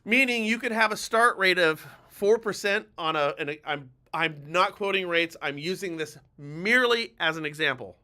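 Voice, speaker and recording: A man hosts a live-streamed coaching talk and hammers his points home with emphatic urgency. His voice sits high and sounds bright and sharp. He is blunt and lets the odd curse slip. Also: lively intonation, normal speed, hardly any pauses. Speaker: mortgage lender and show host.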